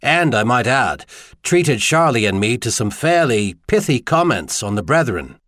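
A man's voice: mid-range voice, sing-song, unhurried, fairly bright tone, dry recording. A man voicing a stern young emperor who speaks dryly and plainly. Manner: dry, stern. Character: stern, dry-witted male emperor.

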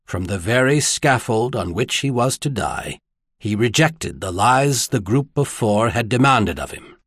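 A solemn middle-aged cleric from an audiobook, voiced by a man, talking in a flat, controlled way with quiet intensity. The tone is slightly husky and the recording sounds dry and close. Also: mid-range voice, measured pace, dry recording, full character voice. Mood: grave.

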